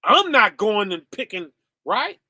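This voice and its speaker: A man with a high, bright voice gives a casual streamed sermon at an unhurried pace, talking straight to his listeners as "y'all". The sound is dry and close, with no room around it. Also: very animated, dry recording. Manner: conversational, often ending with "right?" and "okay?"; addresses listeners as "y'all" and "fam". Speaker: streaming preacher.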